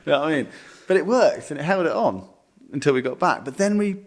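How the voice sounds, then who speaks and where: A man's voice: on the high side, expressive, fast. A young man, co-hosting a podcast and telling a story casually, swearing freely and rambling with many fillers. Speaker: podcast co-host.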